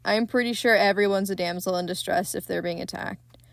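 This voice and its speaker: A young woman hosts a podcast, retelling a film in a loose, candid, excitable way and swearing freely. Her voice sits at a middling pitch. It is close and dry, with no room sound. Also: a little fast, vocal fry, no room sound. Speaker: podcast host. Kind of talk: casual film recap.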